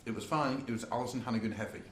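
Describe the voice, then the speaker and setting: A man's voice: medium pitch, very fast, fairly bright tone. A man co-hosting a podcast. He chats casually, swears and jokes a lot. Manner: sweary, joking, bursts into silly voices. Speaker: podcast co-host. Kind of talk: casual banter. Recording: echoey room, faint background noise.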